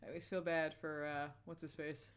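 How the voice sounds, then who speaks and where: A woman's voice: low-pitched, little pitch movement, brisk, clean tone. Woman cohost telling a story, chatty and giggly, casual chat. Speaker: co-host.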